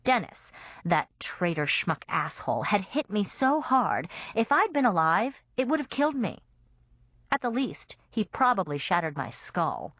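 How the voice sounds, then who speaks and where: A woman's voice: medium pitch, very animated, normal speed, no echo. A woman narrating a comic vampire novel in first person, with a wry storytelling manner. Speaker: audiobook narrator. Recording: dull, dry audiobook recording.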